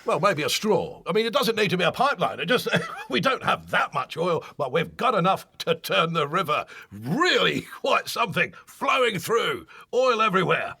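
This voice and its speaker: A man playing a boozy, blustering middle-aged British politician with a British accent, raspy and laughing often in a comedic interview. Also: high voice, sing-song, normal speed, pushed and bright, heavily acted. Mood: cocky.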